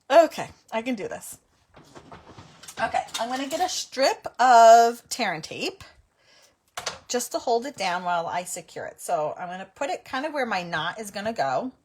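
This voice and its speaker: A woman's voice: a little high, very animated, normal speed, slight background noise. A woman hosting a live card-making tutorial, chatting with viewers in a giggly, chatty way. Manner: chatty, giggly, breaks into helpless laughter. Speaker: card-making livestream host.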